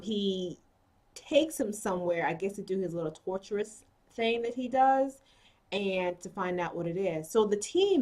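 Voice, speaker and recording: A woman talks through a TV episode in a relaxed, chatty way. She keeps dropping "you know" and "um" as she goes, and slips into quoting the characters while she retells what happened. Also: mid-range voice. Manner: frequent "you know" and "um" asides. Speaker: TV episode reviewer. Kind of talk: casual episode recap.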